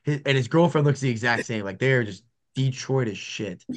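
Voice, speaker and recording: Man, podcast co-host, casual chat, lively storytelling, acts out quotes, mid-pitched voice. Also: fairly quick. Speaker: podcast co-host and MMA fighter.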